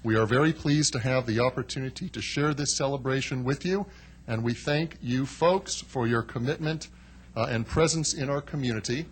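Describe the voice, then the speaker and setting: A man's voice: mid-range voice, normal speed. A man presenting proclamations at a council meeting, in a genial, joking manner with frequent fillers. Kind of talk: ceremonial remarks.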